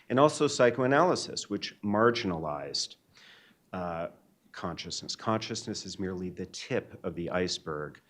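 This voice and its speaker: A man, a neuroanesthesiologist, giving a keynote lecture in a measured, earnest and reflective way. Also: low-pitched, a bit bright. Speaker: keynote speaker. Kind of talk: academic lecture. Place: lecture hall.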